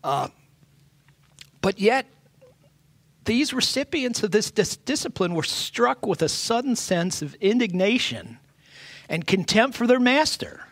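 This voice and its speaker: A middle-aged man preaching a sermon as pastor, earnest and halting, often restarting his phrases. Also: high voice, very animated, fairly bright tone, no echo.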